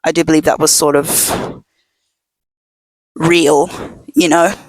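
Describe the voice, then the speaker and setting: A young woman hosting a casual podcast from home, telling a story in a rambling way full of "like" and fillers, sometimes dropping to a hush. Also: sits low, flat delivery, slow pace, no room sound. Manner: drops to a hush at times. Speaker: podcast host. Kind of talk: casual chat.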